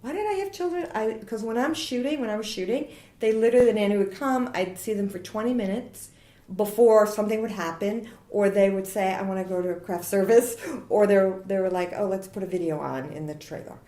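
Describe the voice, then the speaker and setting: Woman in her 40s, animated storyteller, quotes people in lively voices, medium pitch, roomy echo. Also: brisk. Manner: animated, laughing, acts out quotes. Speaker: guest. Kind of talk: casual interview storytelling.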